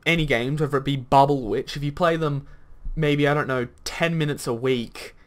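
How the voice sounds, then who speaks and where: A man hosting a gaming commentary video, arguing bluntly, swearing at times, and rambling through lots of fillers. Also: medium pitch. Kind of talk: reaction commentary rant.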